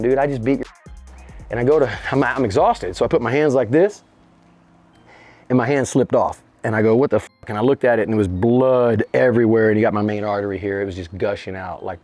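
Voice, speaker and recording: A middle-aged man telling a story in casual interview chat, animated and profane, his voice jumping up high when he acts out scenes. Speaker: interview guest.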